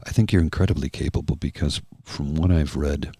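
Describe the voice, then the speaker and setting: A man hosting a soft-spoken ASMR livestream, talking slowly and earnestly and answering viewers by name. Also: extremely low pitch, husky, no room sound. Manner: slow, earnest and heartfelt, addressing viewers by name. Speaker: livestream host.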